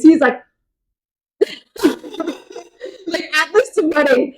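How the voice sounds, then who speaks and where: A young woman from Miami, co-hosting a podcast, retelling a book's chapters in an animated, jokey way. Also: sits high, slow, long pauses, poor audio. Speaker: podcast co-host summarizing chapters. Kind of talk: casual chat.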